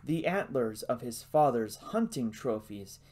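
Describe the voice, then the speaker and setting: A man narrating a novel as an audiobook in a hushed, suspenseful reading. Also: mid-range voice, very animated, measured pace.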